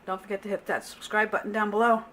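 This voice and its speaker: In her home kitchen, a middle-aged woman who vlogs as a home cook runs through a cooking demonstration quickly and casually, often pausing to correct herself. Her mid-range voice is fairly bright and level in tone, with a little hiss or hum and the clink of pots, pans and cutlery in the background.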